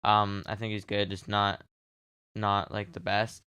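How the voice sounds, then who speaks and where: A man's voice: lowish voice, monotone, measured pace, sharp tone, smooth, no echo. A man co-hosting a wrestling podcast, chatting casually in a rambling, joking way and laughing easily. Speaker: podcast co-host. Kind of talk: casual wrestling recap chat.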